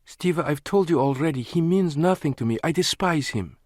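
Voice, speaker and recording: A man's voice: on the high side, expressive, brisk, a little mellow, no room sound, voice pushed up. A male narrator voices a fiery young Russian woman in a spy thriller audiobook, her voice lifted well above his own and swinging wide with feeling. She turns from tender to sarcastic and incredulous, her words set in a dry, close studio sound. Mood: indignant.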